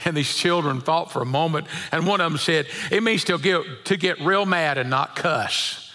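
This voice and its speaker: A man's voice: on the high side, normal speed, bright, forceful tone. A middle-aged man preaching a sermon, telling folksy stories with chuckles and often repeating his words. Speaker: pastor.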